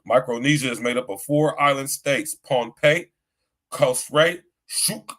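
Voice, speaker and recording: A man's voice: mid-range voice, measured pace, fairly bright tone. A middle-aged man hosting a podcast livestream in a casual, slangy chat style, often saying "you know what I'm saying.". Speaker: podcast host.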